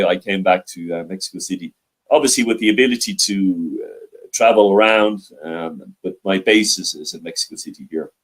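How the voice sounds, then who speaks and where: A man's voice: fairly low pitch, poor audio. An older man from Ireland with a mild Dublin accent, chatting as an interview guest, hesitant, with many restarts and fillers. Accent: Dublin Irish, mild. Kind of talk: casual interview chat. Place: library.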